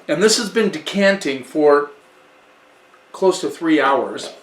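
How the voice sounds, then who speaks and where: A man's voice: on the high side, lively intonation, slow, distant mic. A man giving a casual wine tasting review in a chatty way, often restarting and correcting himself. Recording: echoey room, away from the mic.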